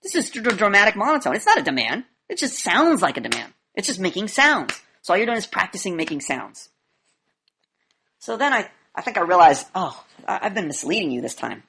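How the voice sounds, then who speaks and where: A female speaking coach lectures her class emphatically, blunt and now and then profane, alternating between loud demonstrations and quiet asides. Her mid-range voice is very animated and a little fast, with slight background noise.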